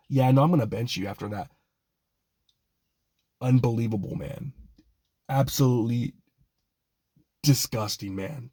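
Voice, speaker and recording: The host of a football fan channel, a young man, furiously vents about his team, cursing and exasperated while repeatedly saying sorry for losing his cool. He speaks at medium pitch in a dark, breathy voice, and there is no echo.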